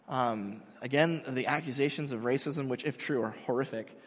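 Husky-voiced man preaching in a reverberant hall. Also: medium pitch, normal speed. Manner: casual, self-mocking, conversational preaching. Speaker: pastor. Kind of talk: sermon.

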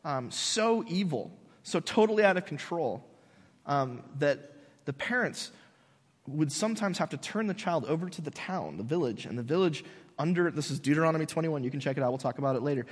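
Animated male preacher in a reverberant hall. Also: fairly high pitch, brisk, husky. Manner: animated, conversational storytelling. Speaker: pastor. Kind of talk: casual sermon.

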